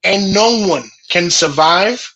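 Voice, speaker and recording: A man talks in a loose podcast conversation, worked up and cursing as he vents. His voice sits high and bright with a husky edge. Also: expressive, takes it slowly, dull audio. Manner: heated, profane storytelling. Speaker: podcast host. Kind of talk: casual chat.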